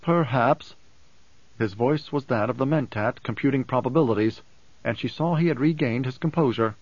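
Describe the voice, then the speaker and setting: A man narrating a novel in a steady, even storytelling manner. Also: medium pitch, brisk, no echo, lo-fi sound. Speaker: audiobook narrator. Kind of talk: scripted narration.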